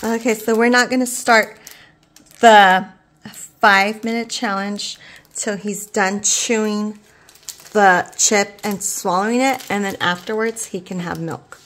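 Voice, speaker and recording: A woman's voice: medium pitch, steady tone, unhurried, a bit bright. A woman hosting a casual home vlog, filming her husband and chatting with him and asking him questions from behind the camera. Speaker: channel host, wife filming.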